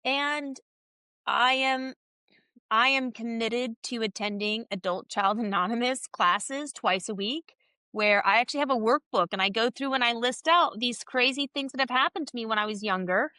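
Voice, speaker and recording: A woman's voice: a little high, normal speed, clear, resonant tone, no echo, studio quality. A woman in her thirties talking openly and emphatically as a podcast guest in a candid interview. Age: 30s. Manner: open and emphatic, animated with swearing.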